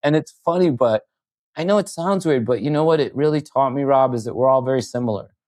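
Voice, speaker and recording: A man's voice: mid-range voice, quick pace, no echo. A man, a podcast guest, telling stories in casual chat and acting out the quoted lines. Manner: animated storyteller acting out quotes. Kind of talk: casual storytelling.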